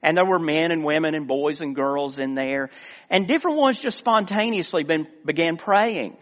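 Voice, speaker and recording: A man's voice: fairly high pitch, moderate pace. Earnest preacher man in a reverberant hall. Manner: earnest preaching, swelling emphasis and quiet asides. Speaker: director of missions, former pastor. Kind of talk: sermon.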